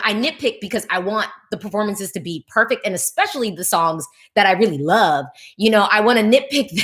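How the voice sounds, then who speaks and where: A woman vlogger giving casual, chatty reaction commentary full of fillers, who gets emotional while talking. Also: mid-range voice. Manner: chatty, animated, lots of fillers, nitpicking notes; gets emotional and laughs mid-thought.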